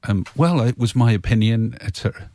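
A man, a football journalist, telling a story in a measured, understated way. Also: medium pitch, mellow, dry recording, clean studio sound. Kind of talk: casual anecdote on a podcast.

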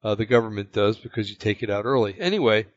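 A man from the United States telling a personal story in casual chat, rambling and halting, with many fillers and restarts. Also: fairly low pitch, lively intonation, no room sound. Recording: dull lo-fi, dry sound.

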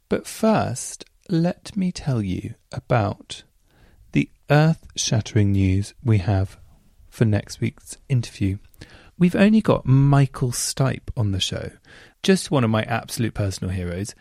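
A man's voice: lowish voice, lively intonation, moderate pace, vocal fry, mellow, no echo, clean studio sound. A man hosting a podcast, chatting and gushing enthusiastically while reading out listener messages. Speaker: podcast host.

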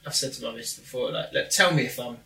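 Animated man telling stories, echoey room. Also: medium pitch, quick pace, vocal fry. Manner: animated storyteller, acts out quotes. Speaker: podcast co-host. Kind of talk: casual banter. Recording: echoey room, mic at a distance.

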